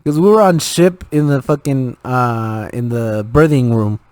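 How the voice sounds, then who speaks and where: A young man co-hosting a podcast, telling swear-filled stories in casual, animated chat. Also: mid-range voice, measured pace, no room sound. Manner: profane, animated storyteller. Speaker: podcast co-host.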